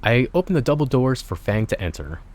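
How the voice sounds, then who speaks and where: A man's voice: mid-range voice, sing-song, fairly quick. A man reading a visual novel aloud and adding chatty, joking asides with frequent restarts. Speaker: let's player.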